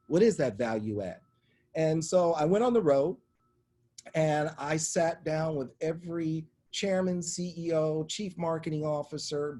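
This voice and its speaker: Middle-aged male interview guest, husky and a touch high-pitched, animated storyteller who does the voices. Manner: animated anecdotal storytelling, acts out voices in quotes. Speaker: interview guest, media executive. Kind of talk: storytelling in conversation.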